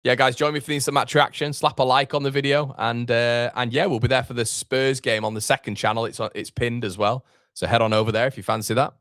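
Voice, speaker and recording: A man's voice: medium pitch, flat delivery, fast, a bit bright, no room sound, clean studio sound. A man hosting a live football watchalong, chatting casually, reading out viewer comments and reacting to the match. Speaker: fan channel host.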